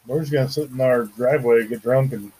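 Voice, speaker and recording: A man's voice: medium pitch, steady tone, quick pace, mellow, breathy edge, poor audio. A man co-hosting a casual talk show, easygoing and agreeable with a wry edge. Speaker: podcast co-host. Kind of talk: casual chat.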